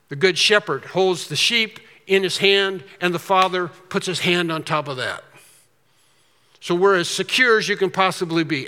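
A man preaches a sermon with a bright, forceful tone and a slightly higher voice than most men. He moves between quiet, close remarks and loud, stretched-out declarations. His voice rings with the long reverb of a large hall. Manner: emphatic preaching, swings from quiet to loud and drawn-out. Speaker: pastor.

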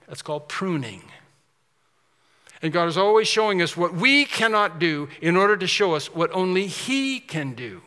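A man preaching a sermon, telling a story in an animated way and then closing earnestly toward prayer. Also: on the high side, in a large hall. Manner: animated storytelling, shifts to soft earnest close.

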